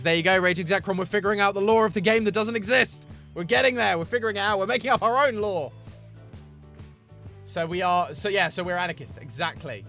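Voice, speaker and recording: A man chatting casually with his live-stream chat, playful and full of quick asides. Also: high voice, bright, forceful tone.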